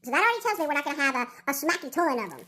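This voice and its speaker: A woman's voice: high-pitched, very animated, very fast, sharp tone. A woman chatting and counting aloud as she unboxes a craft kit, her voice sped up into chipmunk playback. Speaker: diamond painting vlogger. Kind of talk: casual unboxing chat.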